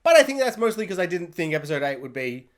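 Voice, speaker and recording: A man casually ranting through a review of a show, jokey and animated, acting out scenes in silly voices. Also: sits high, fast talker. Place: hot room at home.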